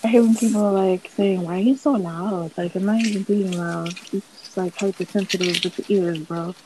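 A woman's voice: mid-range voice, little pitch movement, a little fast, darkish tone, slight background noise, poor audio. A woman co-hosting a casual podcast, chatting in a laid-back, profane way. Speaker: podcast co-host. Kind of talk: casual chat.

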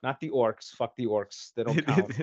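A man's voice: mid-range voice, normal speed, dry recording. A man co-hosting a podcast in casual chat, rambling, profane and laughing often. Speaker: podcast co-host. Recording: dull lo-fi dry audio.

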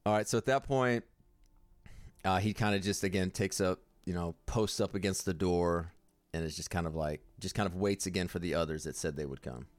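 A man narrates what his character does in a tabletop game, relaxed and halting with lots of filler. His voice is very low. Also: no echo. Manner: casual, laughing, hesitant. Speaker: player.

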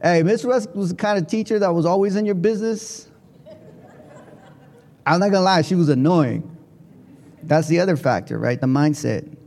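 A man giving a motivational keynote speech to educators, telling his story in an animated way with big swings in pitch and volume. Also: normal speed, long pauses. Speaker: keynote speaker. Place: large conference hall. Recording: long hall reverb.

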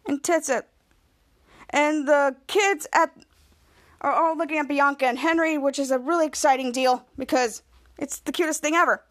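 A woman's voice: sits high, steady tone, moderate pace, a bit bright. A woman hosting a podcast, casually retelling a TV episode scene by scene with frequent restarts. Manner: rambling retelling with restarts, acting out quoted lines. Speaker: podcast host.

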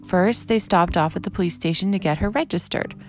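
A woman reading a children's storybook aloud in a gentle, even way. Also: fairly low pitch, fairly quick, faint music behind. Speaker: narrator.

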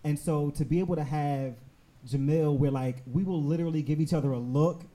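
A man hosts a live podcast taping on stage, talking casually and laughing easily. His voice sits a little high for a man yet sounds mellow and warm. He fills his sentences with "like" and "um". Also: steady tone, a little fast. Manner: chatty, laughs often, filler-heavy. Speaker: podcast host. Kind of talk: live show hosting, casual chat. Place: live stage show before an audience.

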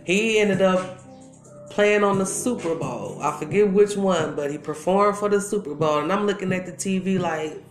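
An interview with a middle-aged woman from Milwaukee, Wisconsin, once a dancer, who spins candid, slangy casual stories with frequent asides. Her voice is on the low side at normal speed; the room echoes and loud music plays behind her.

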